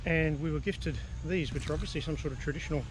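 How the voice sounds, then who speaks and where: A man's voice: a little high, fast, background noise. A man, chatting enthusiastically as he vlogs his sailing travels outdoors. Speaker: sailing vlogger. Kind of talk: casual travel vlog narration. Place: outdoors, boat and road travel.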